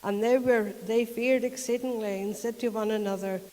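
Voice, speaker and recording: A woman's voice: fairly high pitch, steady tone, normal speed, mellow, long reverb tail, poor audio. A woman with a Northern Irish accent preaching a conversational sermon, retelling a story in a chatty way and often laughing. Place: church.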